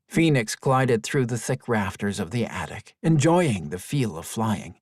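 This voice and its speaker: A man narrating a children's fantasy audiobook in an expressive storytelling manner. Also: on the low side, a little slow, few pauses, dry recording, studio quality. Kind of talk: scripted narration.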